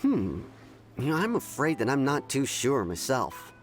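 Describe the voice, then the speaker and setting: A reserved game townsman who speaks calmly and in a measured way. His voice sits at a mid pitch. Game music plays underneath. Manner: quiet and measured. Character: calm, reserved male townsman. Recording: game dialogue over music.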